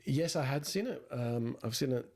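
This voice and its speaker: A man's voice: mid-range voice, moderate pace, a little mellow. A man co-hosting a casual film podcast, teasing and prodding his friend as they talk. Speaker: podcast co-host. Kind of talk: casual chat.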